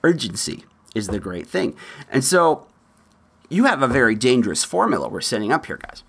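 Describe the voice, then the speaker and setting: A man hosting a podcast, giving opinionated political commentary in an animated way and often laughing mid-sentence. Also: medium pitch, normal speed, creaky, breathy edge. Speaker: podcast host.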